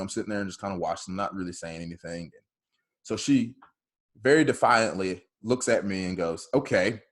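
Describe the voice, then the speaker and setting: A low-voiced man tells a long story about coaching a hitter, in a loud, bold, chatty way. He takes on both voices in the dialogue as he goes. The sound is the plain audio of a video call. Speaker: softball hitting coach.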